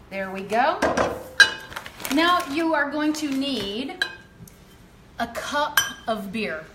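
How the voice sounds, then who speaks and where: A woman's voice: sits high, heavy background noise. Chatty young woman hosting a cooking demo. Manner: upbeat and chatty, with frequent ums. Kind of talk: live cooking demonstration. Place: home kitchen. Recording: roomy kitchen echo, faint ambience.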